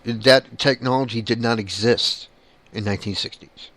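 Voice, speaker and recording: A man's voice: medium pitch, steady tone, normal speed, a bit bright. A man who is a paranormal investigator, talking bluntly in a casual monologue and swearing casually.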